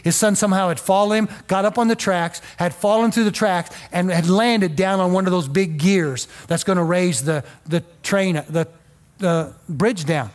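High-voiced earnest male preacher. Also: moderate pace. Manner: earnest storytelling, emotional build-ups. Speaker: pastor. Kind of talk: sermon. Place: church.

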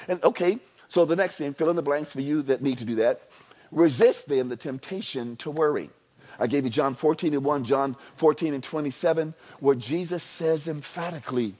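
A man preaching a sermon in a church. He is animated and chatty, repeating phrases and rising from soft asides to near-shouting. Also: medium pitch, moderate pace. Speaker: pastor.

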